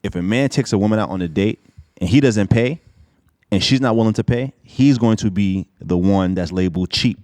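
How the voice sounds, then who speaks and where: A man's voice: on the low side, brisk, darkish tone, no echo, clean studio sound. A man co-hosting a casual discussion, making his case assertively with rhetorical questions.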